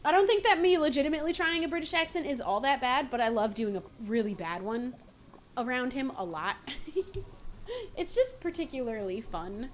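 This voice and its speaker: A high-pitched American woman chatting casually on a gaming stream, playful and quick to laugh. She talks to viewers into a desk mic with a faint hiss underneath. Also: lively intonation. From United States.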